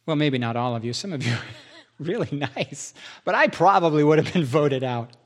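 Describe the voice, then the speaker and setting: A man's voice: a little high, animated, moderate pace. A male pastor preaching a sermon, listing points, repeating them for emphasis and making joking, self-deprecating asides.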